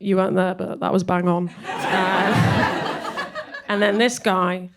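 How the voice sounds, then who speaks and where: A woman's voice: on the low side, steady tone, takes it slowly, heavy background noise. A young woman from Cornwall, doing a stand-up set full of chatty, self-deprecating asides. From Cornwall, England. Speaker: stand-up comedian.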